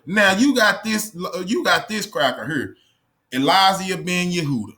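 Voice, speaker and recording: A man's voice: sits high, expressive, a little slow, bright, forceful tone. A man hosting his own channel, giving heated, profane commentary full of rhetorical questions while reading aloud from a screen. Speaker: channel host.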